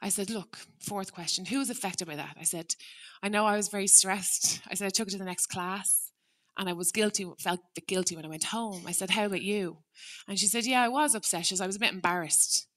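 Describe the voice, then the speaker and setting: Bright-voiced woman giving a talk. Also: medium pitch, fairly even intonation, a little fast. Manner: earnest, reflective, acts out dialogue. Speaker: teacher turned restorative practice trainer. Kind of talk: prepared public talk with storytelling.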